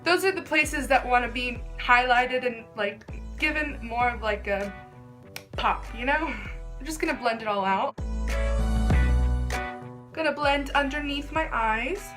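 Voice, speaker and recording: A young woman beauty vlogger chats casually through a makeup tutorial in a high, unhurried voice with frequent pauses, music playing underneath. She gushes and fills her talk with "like."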